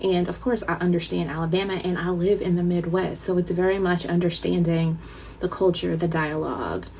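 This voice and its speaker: A talkative woman author with a light Southern twang chats to her viewers in a low, gravelly voice. She is animated and a bit dramatic. A faint hiss of noise sits under her voice. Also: fairly quick, low-quality recording. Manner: chatty, dramatic, addresses viewers as y'all. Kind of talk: casual chat to viewers.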